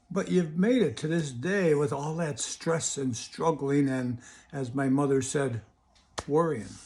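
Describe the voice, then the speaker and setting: Older male hypnotist, raised pitch, gravelly, folksy storyteller throwing rhetorical questions. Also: darkish tone. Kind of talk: motivational video talk.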